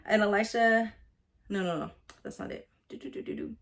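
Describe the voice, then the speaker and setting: A woman's voice: medium pitch, normal speed, creaky. A woman casually talking through a Bible passage in a rambling way, with many fillers and restarts. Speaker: vlogger.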